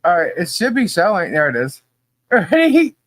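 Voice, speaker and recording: A woman's voice: on the low side, wildly swooping pitch, moderate pace, dry recording. A woman co-hosting a casual podcast who laughs often and is easily amused. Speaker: podcast co-host.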